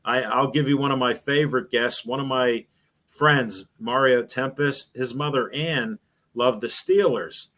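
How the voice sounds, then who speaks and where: A man's voice: mid-range voice, unhurried, a bit bright. An older man, a former sports radio host, telling rambling anecdotes in an interview and acting out the voices of the people he quotes. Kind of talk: storytelling in a casual interview.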